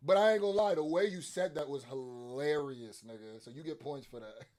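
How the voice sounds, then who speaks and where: Excitable man hosting a rap reaction. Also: fairly high pitch, brisk. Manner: animated and excitable, often laughs and swears; scores bars with playful points and deductions. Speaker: reaction video host. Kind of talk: casual commentary reacting to a rap song.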